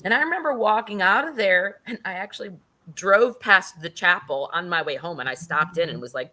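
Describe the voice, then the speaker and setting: A woman's voice: on the low side, animated, brisk, bright, forceful tone. A middle-aged woman speaking as an interview guest, telling a personal story with casual swearing and acted-out quotes.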